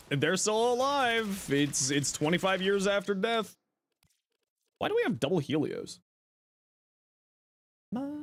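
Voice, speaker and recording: Young Canadian male streamer, Canadian accent, slightly high voice, laid-back and foul-mouthed, laughs a lot. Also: a bit bright. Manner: laughs often and swears freely. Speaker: game streamer. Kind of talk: casual livestream chat.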